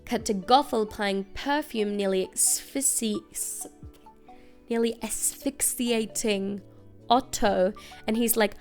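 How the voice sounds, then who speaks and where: A young woman hosting a casual, comedic recap, chatty and wry with quick asides. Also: fairly high pitch, a little mellow, soft background music. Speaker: video essay host.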